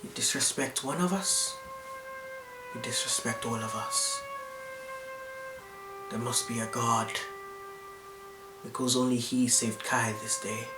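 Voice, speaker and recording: A narrator voicing a menacing older student who speaks like a mob boss, low, hushed and slow. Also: lightly acted. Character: menacing senior student, mafia boss manner. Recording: roomy with background music.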